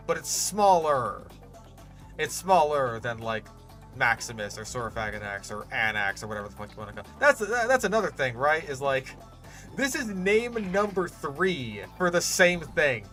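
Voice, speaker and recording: A man's voice: a little high, big pitch swings, normal speed, sharp tone, soft background music. A man doing casual, ranting commentary as a gaming YouTuber while he builds a park, sarcastic and profane.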